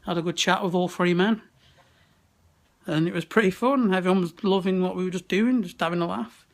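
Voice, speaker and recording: A young man from England's West Midlands vlogs at a wrestling event, holding the camera at arm's length as he chats casually, laughs and swears often. His voice sits high, brisk and gravelly.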